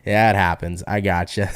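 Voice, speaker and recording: A man giving a chatty live-stream tarot reading, reading out viewer comments as he goes. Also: lowish voice. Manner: animated, chatty, reads audience comments aloud. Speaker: tarot reader.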